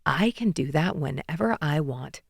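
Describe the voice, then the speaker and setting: A woman reading an audiobook voices an earnest young man in love, speaking softly and in a hushed, apologetic way. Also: sits low, expressive, moderate pace, creaky, breathy edge, no room sound, clean studio sound, heavily acted. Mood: teasing.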